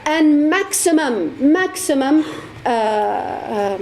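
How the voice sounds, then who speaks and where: A woman's voice: high-pitched, expressive, very slow, darkish tone, slight background noise. A woman giving an impassioned religious talk to an audience, repeating words for emphasis. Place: lecture hall.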